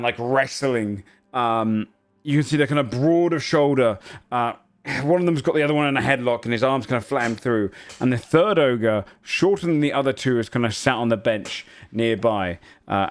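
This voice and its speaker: A man narrating a tabletop game as game master, relaxed and full of "kinda" fillers. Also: mid-range voice.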